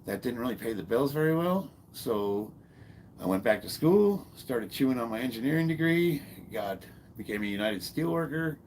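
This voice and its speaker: A man in his fifties, a former Marine, telling a long personal story in a casual, halting way, swearing freely and stopping to restart his sentences. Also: mid-range voice, animated, darkish tone, slight background noise. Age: 50s. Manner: halting, profane, full of fillers and restarts. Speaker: fitness vlogger and former Marine.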